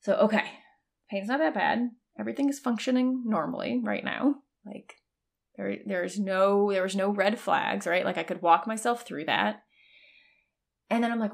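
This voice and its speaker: Woman in her thirties, podcast host type, loose and candid, some vocal fry, mid pitch. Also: moderate pace, a bit bright. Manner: chatty, frequent "like" fillers, candid with swearing and laughs. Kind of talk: casual personal storytelling.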